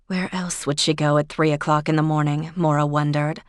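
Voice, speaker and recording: A woman reads a mystery novel aloud in an even, steady way. Her voice sits low, and the recording is dry and close. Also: moderate pace, few pauses, no room sound. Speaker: audiobook narrator. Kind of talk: scripted narration.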